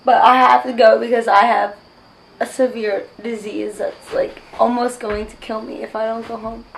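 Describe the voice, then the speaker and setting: A woman's voice: on the high side, level tone, normal speed, creaky, rough recording. A woman voicing a cocky young male college student, joking and casual. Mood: excuse-making. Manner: casual, jokey.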